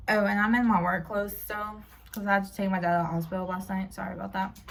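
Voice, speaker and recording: A young woman talks straight to camera at home, rambling through a stressful family story, cursing and apologizing as she goes. Her voice sits at a middle pitch. A faint hiss runs under the recording. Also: little pitch movement, quick pace, creaky, a bit bright. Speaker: vlogger. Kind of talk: personal storytelling vlog.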